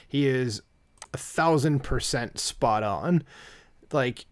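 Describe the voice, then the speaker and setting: A man's voice: medium pitch, slow, pauses often. A man hosting an opinion commentary vlog, talking in an indignant, sarcastic and rambling way, full of fillers, into a microphone at a home desk. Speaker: channel host.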